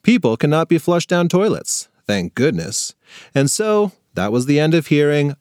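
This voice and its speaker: A man narrating a funny children's story with playful, expressive storytelling on a close mic. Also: fairly high pitch, moderate pace, no room sound. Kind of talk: scripted narration for kids.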